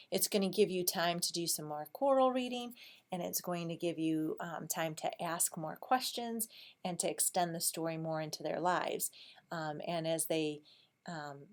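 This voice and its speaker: A woman teacher explaining a read-aloud lesson in a patient, unhurried way, with frequent ums. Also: on the low side, darkish tone.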